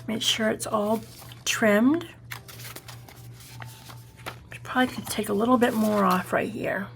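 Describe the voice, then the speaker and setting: Gravelly Boston woman teaching crafts. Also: fairly high pitch, steady tone, measured pace, slight background noise. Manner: chatty, rambling, self-correcting, often checking the viewer follows. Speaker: craft tutorial host. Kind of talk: casual step-by-step crafting tutorial.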